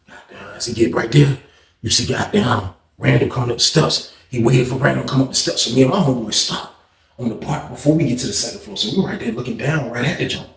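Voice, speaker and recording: Storyteller: man, animated, gravelly voice, echoey room. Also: medium pitch. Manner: animated, acts out quotes and punch sounds. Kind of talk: casual prison storytelling.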